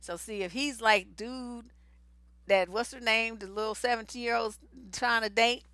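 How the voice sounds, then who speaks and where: A relationship coach woman talks straight to her viewers, blunt and full of slang. Her voice is bright and a little high. The sound is dry and close, with no room in it. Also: no echo. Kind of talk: casual live stream advice.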